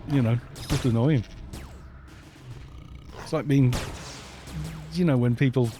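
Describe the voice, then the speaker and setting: A middle-aged man from Wales with a mixed, softened Welsh accent, chatting casually on a gaming live stream, laughing often and grumbling at other players. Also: medium pitch, a little slow, faint music behind. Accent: mixed British with softened Welsh. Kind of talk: casual live-stream chat while playing.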